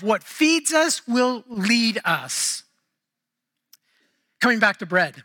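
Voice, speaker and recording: A man's voice: high-pitched, sharp tone. A man preaching a sermon as pastor, in a casual, playful way with many fillers and restarts. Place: church sanctuary.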